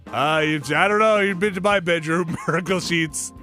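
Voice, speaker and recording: A man's voice: high-pitched, normal speed, pushed and bright, soft background music. A man hosting a casual podcast, joking and laughing through an ad read. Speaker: podcast host.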